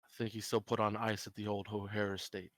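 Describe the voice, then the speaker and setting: A man voicing a weary small-town male police chief in a tabletop role-play, guarded and low-key, sometimes dropping to a near murmur. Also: little pitch movement, fairly quick, no room sound, close to an everyday voice. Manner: low-key, guarded, drops to quiet asides.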